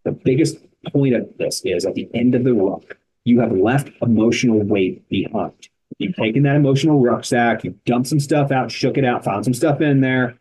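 A man's voice: mid-range voice, normal speed, slightly rough, low-quality recording. A man, founder of an endurance organization, talking as a guest in a casual podcast interview with emphatic, punchy storytelling. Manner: energetic, emphatic storytelling in short punchy sentences.

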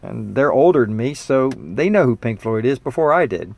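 A man in his fifties talking in a casual monologue, earnest and reflective, sometimes excited, with fillers and restarts. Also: medium pitch, moderate pace, vocal fry. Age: 50s. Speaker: musician and spiritual teacher.

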